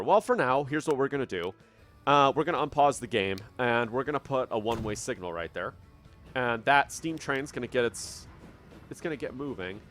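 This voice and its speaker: Lively man musing over a game. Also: medium pitch. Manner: thinking aloud, puzzled, self-correcting. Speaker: gameplay commentator. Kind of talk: casual gameplay commentary. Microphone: studio dynamic microphone.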